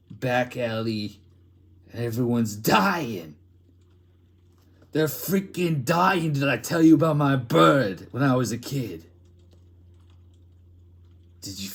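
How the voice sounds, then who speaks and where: A man voicing a grimy male plague doctor from a back-alley town, rambling and crude in an improvised comic monologue. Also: medium pitch. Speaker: artist improvising a comic story.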